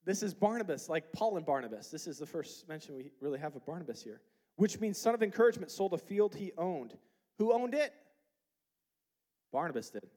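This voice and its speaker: Male pastor, high voice, emphatic sermon delivery with rhetorical questions. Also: lively intonation, fairly quick. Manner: emphatic preaching that rises to loud, high peaks; quotes and explains scripture with rhetorical questions.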